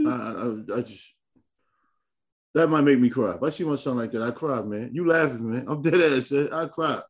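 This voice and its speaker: A man hosting a podcast in casual chat, talking in an animated, slangy, emphatic way. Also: medium pitch, normal speed. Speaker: podcast host.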